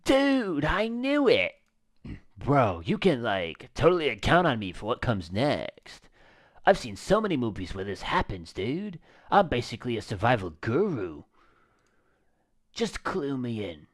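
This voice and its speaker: A man's voice: mid-range voice, huge pitch swings, unhurried, dry recording, clean studio sound. A man plays a laid-back young surfer dude with a loose stoner drawl. He stretches his words out in slang like he hasn't a care in the world. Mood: eager. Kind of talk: reading game dialogue aloud.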